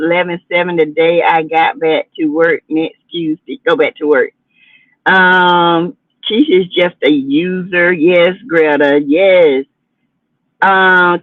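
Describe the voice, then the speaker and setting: A woman's voice: lowish voice, no room sound. Sassy woman gossiping on a livestream. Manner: sassy, chatty, dramatic asides. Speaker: livestream host. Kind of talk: casual gossip commentary livestream. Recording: tinny phone-like audio.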